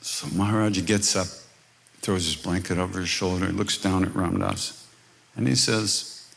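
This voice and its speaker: Low-voiced guy teaching at a retreat, chatty and wry, tells stories and does little voices for the people in them. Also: steady tone, moderate pace, gravelly, a bit bright, slight background noise. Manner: conversational, wry, slips into voicing the people in his stories. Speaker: spiritual teacher leading a workshop. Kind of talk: informal teaching talk with storytelling. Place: live retreat workshop.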